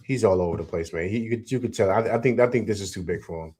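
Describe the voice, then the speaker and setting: Speaking fast in a fairly low voice with a dark, breathy edge, a sports fan show host reacts live to the action. He talks right to his chat, hammers his points by repeating them, and says "man" over and over.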